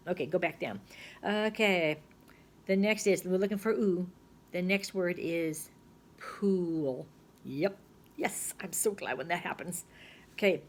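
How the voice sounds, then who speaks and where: A middle-aged woman teacher giving a recorded phonics lesson, patient and chatty, thinking aloud and sounding words out slowly. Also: on the low side, slight background noise.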